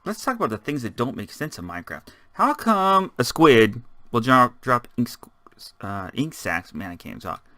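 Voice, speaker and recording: A man's voice: mid-range voice, very animated, normal speed, bright, forceful tone, no echo. A man giving rambling, casual let's-play commentary, chatting and muttering to himself as he builds. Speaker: gaming channel host.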